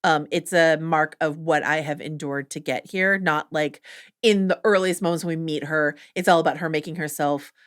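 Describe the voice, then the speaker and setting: A woman co-host chats eagerly about a TV episode, dropping plenty of filler words along the way. Her voice sits somewhat low for a woman. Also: steady tone, normal speed, smooth. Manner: chatty, enthusiastic, many "like" fillers. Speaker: podcast co-host. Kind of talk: casual recap chat.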